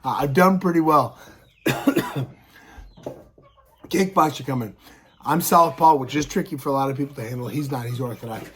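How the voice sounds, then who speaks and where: A man's voice: medium pitch, moderate pace, pauses often, fairly bright tone. A man in his thirties with a scratchy throat, casually telling fight stories to camera and punctuating them with sound effects. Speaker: show host and pro fighter.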